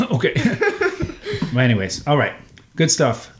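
A man's voice: mid-range voice, expressive, a little slow, a little hiss or hum. A man in his thirties hosting a casual family podcast from a home sunroom, playful and teasing with his kids. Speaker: podcast host and father.

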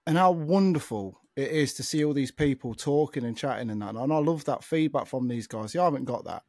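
A man returning as a podcast regular, relaxed and friendly in casual chat. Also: medium pitch, fairly quick, no echo, clean studio sound. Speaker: podcast guest host.

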